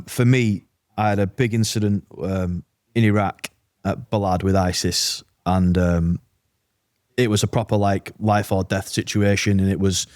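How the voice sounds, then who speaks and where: A man's voice: on the low side, a little mellow, no echo, studio quality. A British man, an army veteran, telling a war story bluntly with swearing and quoted dialogue in a casual podcast interview.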